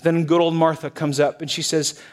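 A male pastor preaching a sermon in a church, shifting between loud emphasis and hushed softness. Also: fairly high pitch, moderate pace. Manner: expressive, swings from loud to hushed.

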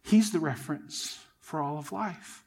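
A pastor delivers his sermon in a fairly high male voice, earnest and emphatic. He presses his points home and keeps turning to the congregation as friends. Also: a little slow, gravelly, darkish tone, breathy edge. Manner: earnest, emphatic preaching, addresses listeners as friends.

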